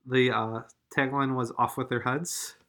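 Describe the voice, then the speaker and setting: A man's voice: mid-range voice, little pitch movement, measured pace, fairly bright tone. A man co-hosting a podcast in casual chat, easygoing and chatty with frequent chuckles. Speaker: podcast co-host.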